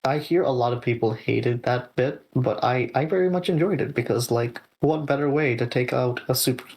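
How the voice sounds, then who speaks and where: A man chatting on his stream in a middle-pitched voice. He rambles through stories with lots of quick asides. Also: a little mellow, poor audio. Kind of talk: casual chat.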